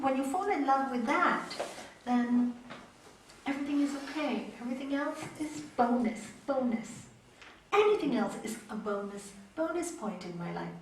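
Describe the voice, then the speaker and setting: A middle-aged woman with a somewhat high voice teaches a yoga class. She is animated and repeats key words to drive points home. The room is very echoey, and she sounds far from the mic. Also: slight background noise.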